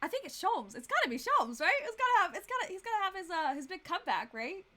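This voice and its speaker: A young adult woman streaming a game, excitable and prone to swearing and exclamations. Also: extremely high pitch, fast. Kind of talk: game let's-play commentary. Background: background music.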